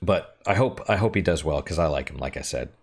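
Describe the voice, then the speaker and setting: A man's voice: rumbling low, lively intonation, brisk, breathy edge. A young man chatting casually and frankly while playing a game, rambling and swearing now and then. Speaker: gaming streamer.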